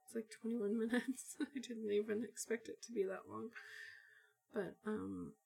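A woman answering questions in a soft-spoken ASMR recording, sick and sniffling, hesitant and self-deprecating with many fillers, slipping into whispers. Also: a little high, fairly even intonation, normal speed. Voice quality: husky, partly whispered.

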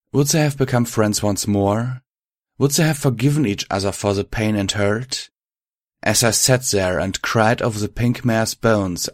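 A man reading first-person fan fiction aloud in a measured, reflective manner. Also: fairly low pitch, no echo, studio quality. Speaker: audiobook reader.

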